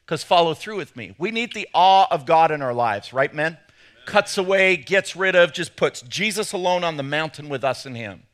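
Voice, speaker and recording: A man's voice: fairly high pitch, a bit bright. A man with an English accent, preaching an enthusiastic sermon with playful asides. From England. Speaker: pastor.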